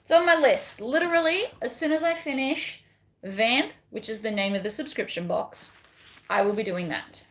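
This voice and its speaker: A woman's voice: fairly high pitch, moderate pace, fairly bright tone. A woman chatting casually while she sews a bag on a livestream, reading viewer comments and rambling between steps. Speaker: bag pattern designer. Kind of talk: casual livestream crafting chat.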